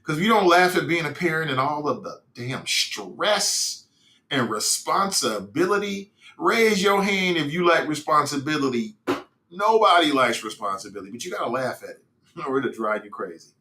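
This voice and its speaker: Bright-voiced man hosting a casual stream. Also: fairly high pitch, animated, normal speed, reverberant. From Cincinnati, United States. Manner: loose, rambling, frequent restarts and slang. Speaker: podcast host reading live chat. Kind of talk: casual livestream talk.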